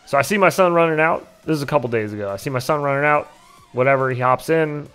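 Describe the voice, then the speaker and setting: A man's voice: medium pitch, fast talker, a bit bright, clear, resonant tone, soft background music. A man in his thirties hosting a casual livestream, telling a story with laughs and swearing. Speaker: livestream host.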